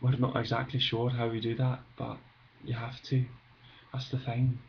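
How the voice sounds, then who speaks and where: A man doing a deadpan Scot who tells absurd tall tales in a matter-of-fact way, with a put-on Scottish accent. His voice is mid-pitched. The recording is muffled and lo-fi. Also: moderate pace, creaky, a little hiss or hum, lightly acted. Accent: attempted Scottish.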